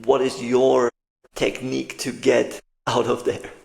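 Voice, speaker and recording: A man hosting a conversation, animated and quick to repeat himself when excited. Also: mid-range voice, gravelly. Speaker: host. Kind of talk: conversational interview.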